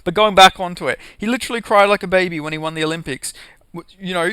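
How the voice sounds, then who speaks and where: A man's voice: high voice, quick pace, pushed and bright, clean tone, no room sound. A young man doing a casual, profanity-heavy rant about MMA, heated and sarcastic, with lots of "like" and "you know". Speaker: MMA commentary vlogger.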